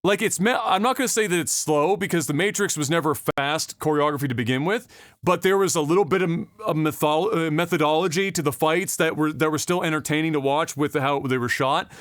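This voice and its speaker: A man's voice: on the high side, brisk, fairly bright tone, no room sound, clean studio sound. A man co-hosting a podcast, ranting casually with lots of swearing, fillers and restarts. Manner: profane, rambling rant with many fillers. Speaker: podcast co-host.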